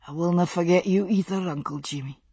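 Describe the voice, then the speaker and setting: A woman voicing a resolute young Scottish man who speaks softly, with a Scottish accent. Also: lowish voice, fairly quick, breathy edge, no echo. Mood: quiet resolve. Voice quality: soft-spoken.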